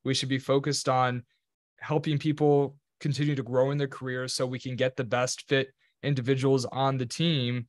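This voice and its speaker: Male podcast host, casual and chatty, mid pitch, dry close sound. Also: flat delivery, normal speed, no echo. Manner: casual, lots of "like" fillers. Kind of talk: conversational interview.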